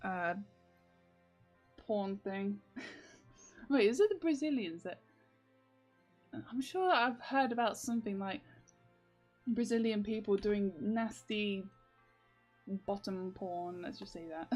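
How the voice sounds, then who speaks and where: A woman's voice: medium pitch, slow pace, long pauses, darkish tone. A young woman chats on a stream in a mid-range voice, rambling with many fillers and frequent laughter. Faint music plays behind her. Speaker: comic artist streaming. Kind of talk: casual livestream chat.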